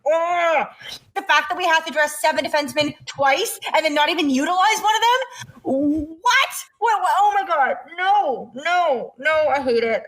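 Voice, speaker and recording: High-voiced woman ranting animatedly. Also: moderate pace, fairly bright tone. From Montreal area, Canada. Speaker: podcast co-host. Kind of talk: casual chat.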